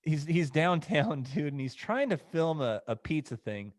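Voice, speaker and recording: A man's voice: a little high, sing-song, measured pace, no room sound, studio quality. A man co-hosting a casual podcast chat, telling a story in a laid-back way. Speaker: podcast co-host.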